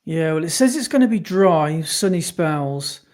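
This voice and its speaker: Animated but a little slow, this podcast co-host has a slightly high, darkish voice. He rambles through casual chat, often stopping to correct himself partway through a sentence.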